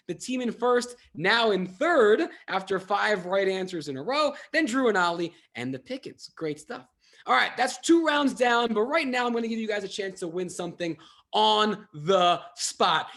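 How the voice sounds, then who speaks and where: A man hosts an online trivia game with an upbeat, playful manner. His voice sits high and he swings it around with animated energy. He keeps things light with self-mocking jokes as he walks players through the rounds.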